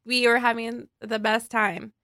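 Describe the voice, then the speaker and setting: A woman's voice: on the high side, dry recording, studio quality. A woman co-hosting a casual podcast chat, telling a story emphatically and swearing freely. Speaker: podcast co-host.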